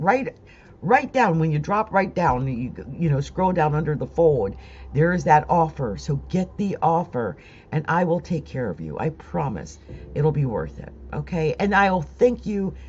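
A woman talks straight to her viewers in a loose, rambling way, breaking into nervous laughs while close to tears. Her voice sits a little low. The recording is dull and lo-fi. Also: a little mellow, slightly rough. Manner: emotional, rambling, laughs between phrases. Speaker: astrology vlogger. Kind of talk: casual monologue to viewers.

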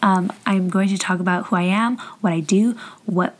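A woman in her twenties from Southern California hosts a casual solo podcast. She is excited and chatty, says um often, and her voice is going hoarse. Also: medium pitch, normal speed. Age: 20s. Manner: chatty and excited, with frequent ums. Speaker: podcast host. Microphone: studio microphone.

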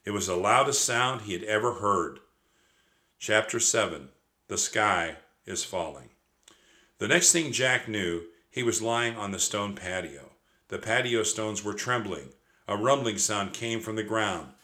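A man with a fairly low voice reads a children's chapter book aloud in a steady, expressive way. His tone is bright and forceful, and he clearly sets out each turn of the story. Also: a little slow. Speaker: audiobook narrator. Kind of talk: children's audiobook narration.

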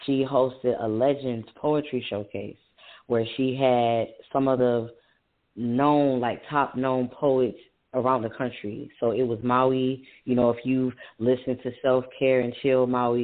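A man co-hosting a casual podcast, telling stories in an animated way with heavy swearing. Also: medium pitch, measured pace. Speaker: podcast co-host and poet. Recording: tinny phone-like sound.

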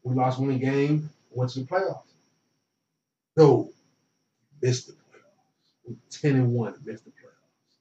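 A young man telling a college football story in relaxed, slangy talk, acting out what others said. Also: medium pitch, slow, pauses often. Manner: relaxed, slangy, animated retelling with quoted dialogue. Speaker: former football player, guest. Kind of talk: casual storytelling. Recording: roomy, distant, dull lo-fi sound.

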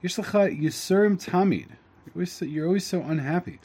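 A man voicing a giddy, childlike simpleton who is always cheerful and brags excitedly about being happy. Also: fairly quick, slightly rough. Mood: gleeful. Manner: high, excited and boastful.

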